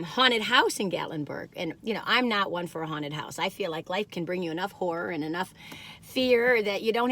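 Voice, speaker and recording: Bubbly lively woman in her sixties. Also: medium pitch. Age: 60s. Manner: bubbly and rambling, frequent laughs and asides. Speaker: food reviewer. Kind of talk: casual chatty storytelling.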